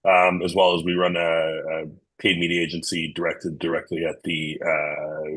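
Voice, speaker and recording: Brief: man, very deep, husky voice, business panelist on a video call, steady with lots of "uh"s. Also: low-quality recording. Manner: businesslike, many fillers. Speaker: panelist, managing director. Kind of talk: panel discussion.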